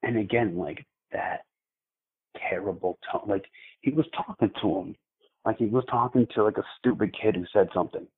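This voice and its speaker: A man calling in to tell a frightening personal story, halting and repeating his words with many fillers. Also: fairly low pitch, slightly rough, narrow, tinny audio.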